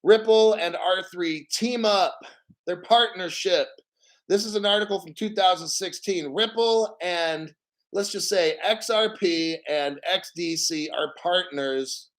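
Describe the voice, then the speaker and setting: A brash man hosting a crypto vlog, swearing freely and cracking jokes between points. His voice sits a little high for a man, and he hammers home key words by slowing right down on them. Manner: brash and profane, jokey asides; emphatic, repeats words slowly. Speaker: crypto channel host. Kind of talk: casual crypto vlog commentary.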